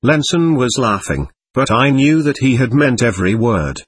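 Husky-voiced man reading an audiobook. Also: medium pitch, moderate pace, no room sound. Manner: steady first-person reading. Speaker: audiobook narrator. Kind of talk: scripted audiobook narration.

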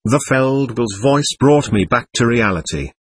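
A man narrating an audiobook in the first person, measured and vivid. His voice is husky and moves lively through its pitch, recorded dry and close to the mic. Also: no room sound.

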